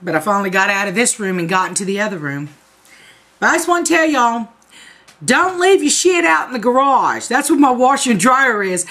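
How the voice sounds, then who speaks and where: A woman's voice: a little high, animated, brisk, fairly bright tone. A woman, telling a profane, comic story to her viewers in a casual vlog. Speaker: vlogger.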